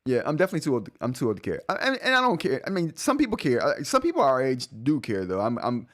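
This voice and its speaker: A man's voice: medium pitch, wildly swooping pitch, quick pace. A man in his forties hosting a live tech stream, talking casually, rambling and correcting himself, often laughing. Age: 40s. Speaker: tech show host.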